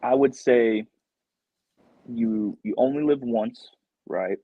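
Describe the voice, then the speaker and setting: A male professional wrestler telling a lively backstage story in a casual interview, laughing often as he talks. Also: medium pitch, slow, breathy edge, no echo. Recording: dull lo-fi recording.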